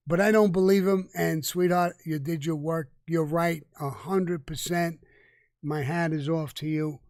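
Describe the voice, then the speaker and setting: Answering viewer questions as a guest in a relaxed live Q&A, an older man talks bluntly and swears, often tripping over words and starting again. The mic captures his somewhat high, darkish voice closely and dry, without any room sound.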